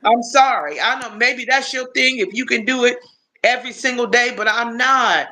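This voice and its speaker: A woman in her fifties with a high, bright, ringing voice, chatting on a live stream. She rambles through her stories, stopping and restarting as she goes. Her delivery is loose and casual. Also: moderate pace, rough recording. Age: 50s.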